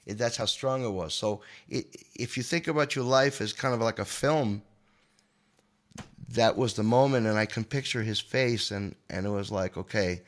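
A man in his sixties, a guest guitarist on a podcast, telling an emotional story in an animated, manic way and often repeating his words. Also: fairly low pitch, moderate pace.

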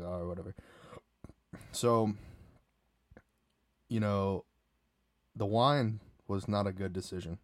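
A man's voice: lowish voice, no echo, clean studio sound. A man hosting a solo podcast, telling a night-out story in a casual, rambling way with lots of fillers and restarts. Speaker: podcast host.

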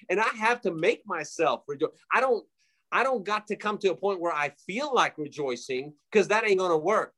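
A man's voice: high-pitched, animated, moderate pace, a bit bright. A man giving a fervent preaching testimony as a guest, emphatic and repetitive, with frequent fillers.

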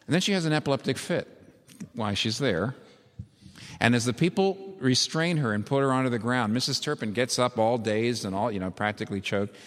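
A man's voice: mid-range voice, fairly quick, fairly bright tone. A male preacher tells a story in emphatic, vivid sermon style, in a mid-range voice. His words ring out with a long reverb, as though in a church sanctuary.

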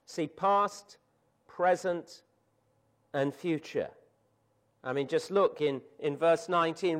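A man preaches a sermon at an unhurried pace, weighing each phrase. His voice sits high for a man. He sinks to near-whispers on solemn words and swells on emphatic declarations. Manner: slow, deliberate preaching with dramatic drops to a hush and emphatic rises.

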